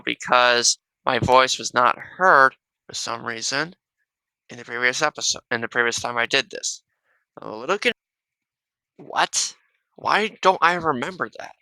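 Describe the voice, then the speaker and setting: A man with a very bright, forceful voice chats casually to his viewers through a wireless headset. His tone is smooth and clear, and he rambles, restarting sentences and tagging "though" onto almost everything he says. The sound is close and dry. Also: mid-range voice, no echo. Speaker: reaction video host. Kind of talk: casual reaction commentary. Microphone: wireless gaming headset.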